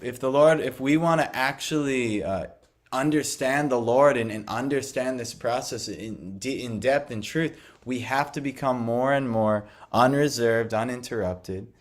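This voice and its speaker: A man's voice: mid-range voice, moderate pace. Chatty young man telling a scripture story. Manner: conversational, many fillers and restarts. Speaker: scripture class speaker. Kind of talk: devotional class storytelling.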